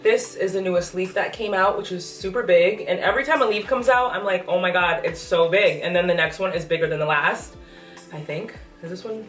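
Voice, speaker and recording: A young pregnant woman, a plant vlogger, chats enthusiastically and a bit out of breath through a casual plant update in an indoor apartment room full of plants. Her voice is lowish and a little fast, heard from a distance in an echoey room with faint music.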